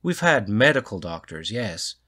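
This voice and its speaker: Male reader playing a loud, jowly, blustering fat man with a thick brogue. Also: very animated, extremely slow, slightly rough, full character voice. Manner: booming, pushy.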